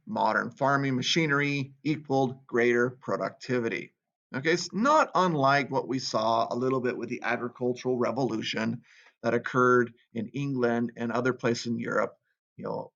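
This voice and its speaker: A man's voice: mid-range voice, moderate pace, gravelly, fairly bright tone. A man teaching a history lesson in a casual way, reading out quotes and then commenting on them. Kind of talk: classroom history lecture. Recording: dull lo-fi recording.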